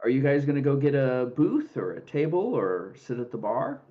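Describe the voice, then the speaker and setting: A man narrating as game master for a tabletop game, relaxed and halting with many fillers. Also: medium pitch, highs cut off.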